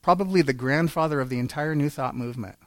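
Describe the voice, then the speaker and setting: A man's voice: fairly high pitch, fast, no room sound. A man giving an earnest personal testimony in a church, telling his story and acting out quotes. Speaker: church speaker.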